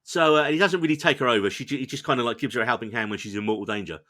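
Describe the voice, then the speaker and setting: A man's voice: mid-range voice, rapid-fire, sharp tone. A man co-hosting a podcast, chatting enthusiastically about a show he enjoyed, with a playful, self-deprecating manner. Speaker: podcast co-host reviewing shows. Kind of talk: casual review chat.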